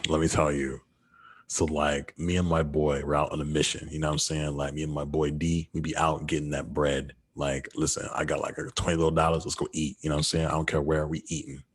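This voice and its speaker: Deep husky dude on a podcast, slangy cussing storyteller. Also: male voice, level tone, brisk. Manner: laid-back, profane, slangy storytelling. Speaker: podcast co-host. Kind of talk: casual storytelling chat.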